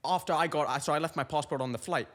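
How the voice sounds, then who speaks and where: A man's voice: fairly high pitch, quick pace, a bit bright, big-room sound. A young adult man hosting a comic podcast monologue, telling rambling stories full of tangents. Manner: rambling, tangent-prone storytelling. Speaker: comedian host.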